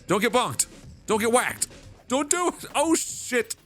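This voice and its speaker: A man giving casual, excitable gameplay commentary, swearing and laughing as he plays. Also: very high voice, a little slow, soft background music. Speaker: let's play host.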